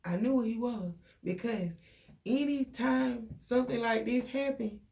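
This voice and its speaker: A young woman, venting to her viewers in a casual, animated story full of quoted dialogue. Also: on the high side, a little slow, creaky. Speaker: vlogger.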